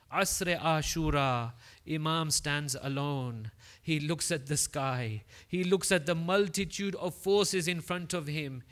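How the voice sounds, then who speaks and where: A man delivering a mourning sermon, narrating with passion that builds to wailing high points and reciting Arabic quotations. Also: a bit bright. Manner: impassioned narration, rising to wailing climaxes. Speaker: preacher.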